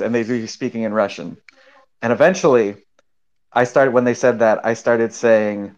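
A man from New York tells a relaxed story in a group chat, stumbling a little now and then. His voice comes through dull and lo-fi, as online audio does. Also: medium pitch, moderate pace.

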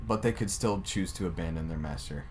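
A man's voice: low-pitched, a little fast, a little mellow, slight background noise. A young man sharing trivia in a casual chat with friends, rambling and often breaking into giggles. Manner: rambling, giggly, trails off into laughs.

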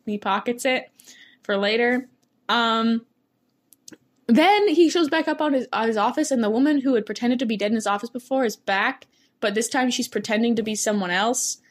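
A woman in casual conversation, recounting a story at length with an animated, rambling delivery. She laughs often as she goes, and her voice sits a little higher than most. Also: normal speed. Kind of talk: casual chat.

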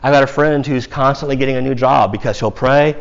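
A man's voice: medium pitch, a little fast, gravelly, clean tone, muffled recording. A male pastor from the United States preaching a sermon in a conversational way, with casual asides to the congregation.

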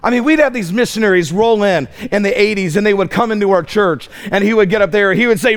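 A middle-aged man preaching a fiery camp sermon, impassioned, telling comic stories and shouting at the peaks. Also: high voice, quick pace, hardly any pauses. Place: camp meeting room.

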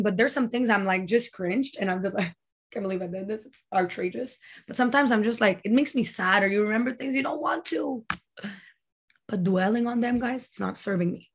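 A woman hosting a podcast who gives self-help advice in a casual, motivational talk. She is chatty and animated, laughs often and acts out her own inner voice. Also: mid-range voice.

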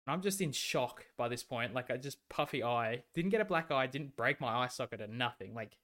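Young guy, casual podcast chat, swears a lot, mid-pitched voice. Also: animated, brisk, fairly bright tone. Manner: laid-back storytelling, swears freely, laughs often. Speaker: podcast co-host.

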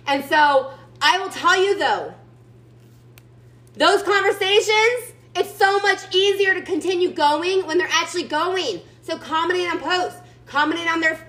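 A woman's voice: very high-pitched, unhurried, bright, forceful tone, low-quality recording. A woman giving her team a chatty, emphatic motivational pep talk over a video call, sassy and calling everyone y'all. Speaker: team leader speaking to her sales team.

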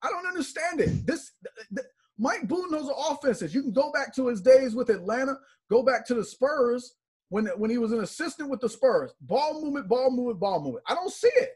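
A man co-hosting a sports podcast, breaking down a basketball game in emphatic, animated chat. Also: very high-pitched, a little fast, breathy edge. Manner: animated, emphatic, repeats words for stress.

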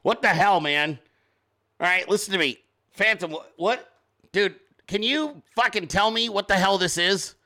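Man, show host, high-pitched, loose and profane, rambling jokes. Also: measured pace, sharp tone. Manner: reads sponsor ads informally. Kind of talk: casual live-stream commentary.

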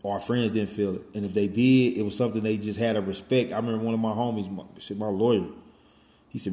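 It's a reverberant recording of a forties-aged man talking fast in a low, warm voice with fairly even intonation. He rambles conversationally, full of "you know," "man," and casual swearing.

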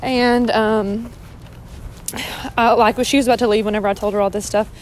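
A young woman recaps her day into her phone, chatty and rambling, with a steady stream of "like" and "um." Her voice sits a bit high. Faint car noise hums behind her as she talks from a parked car. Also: moderate pace. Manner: chatty, rambling, many fillers and "like"s. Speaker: vlogger. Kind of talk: casual diary vlog.

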